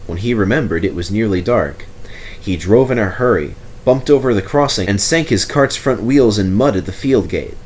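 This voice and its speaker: A man reading a children's railway story aloud, telling it with expressive, animated delivery. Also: lowish voice, normal speed, slight background noise. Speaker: storybook reader.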